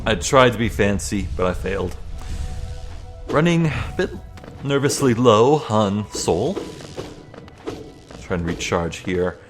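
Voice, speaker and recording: Slow-talking young man commenting on a game. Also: lowish voice, lively intonation. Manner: chatty, self-deprecating, thinks aloud. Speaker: let's play host. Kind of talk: casual gameplay commentary. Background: faint game music.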